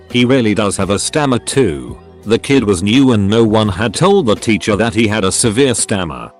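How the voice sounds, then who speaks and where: A man doing scripted story narration in an expressive way, acting out the quoted lines. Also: fairly low pitch. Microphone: studio voice-over mic. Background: faint background music.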